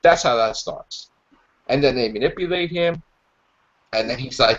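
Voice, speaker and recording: A man hosting a podcast in casual chat, rambling and acting out characters' lines in animated voices. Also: mid-range voice, moderate pace, long pauses. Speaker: podcast host. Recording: dull lo-fi podcast audio.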